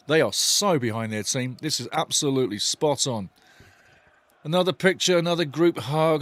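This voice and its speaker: A man's voice: fairly high pitch, moderate pace, fairly bright tone, no echo. A middle-aged man hosting a live football watch-along, opinionated, ranting and joking as he comments.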